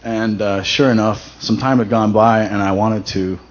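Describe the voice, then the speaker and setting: A man's voice: on the low side, fairly even intonation, normal speed. A man giving a casual personal testimony at a church event, talking conversationally with many fillers and restarts. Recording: dull lo-fi recording with faint noise.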